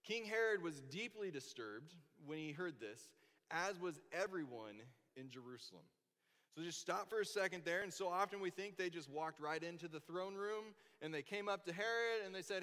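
A man preaching a sermon in church, telling the story in a lively way and acting out the quoted voices. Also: high voice, a little fast. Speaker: pastor. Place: church sanctuary. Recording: long hall reverb.

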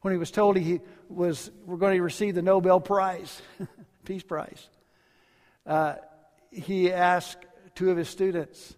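A male pastor delivering a sermon, telling stories and dropping to quiet phrase endings. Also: high-pitched, flat delivery, takes it slowly. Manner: storytelling preacher, varies volume widely, drops to quiet endings. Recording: long hall reverb.

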